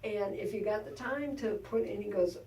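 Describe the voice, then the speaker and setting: A woman's voice: medium pitch, normal speed, gravelly, dark tone. A female radio co-host chatting casually about politics, laughing easily and using many fillers. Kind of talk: casual political talk chat. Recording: echoey room, distant mic, faint hum.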